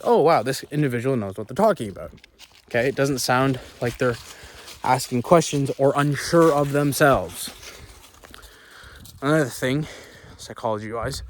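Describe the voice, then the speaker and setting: This mid-range male voice, carrying a little hiss or hum, belongs to a man coaching on sales while he walks up and down hills outside. He's emphatic and repetitive, keeps asking "okay?" and "right?", and puffs for breath between ideas.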